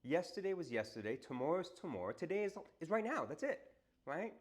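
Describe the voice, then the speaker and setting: A man telling a story in a casual monologue for a motivational video. He talks conversationally, tags lines with "you know" and "right?", and acts out the quoted dialogue with lively emphasis. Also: a little high, fairly quick.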